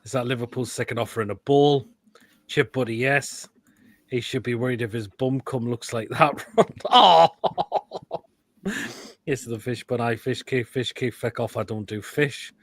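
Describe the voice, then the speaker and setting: A man at a middle pitch, running a live football stream and judging food pictures. He talks in crude, blunt one-liners and breaks into loud outbursts now and then. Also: fairly even intonation, normal speed, no room sound. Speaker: host of a live football show. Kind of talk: live-stream chat reacting to food pictures and reading comments.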